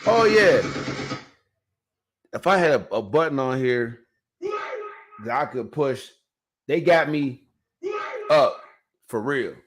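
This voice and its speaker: A man's voice: medium pitch, lively intonation, takes it slowly, pauses often. Man, podcast host, casual storytelling, slangy, rambling, addresses viewers.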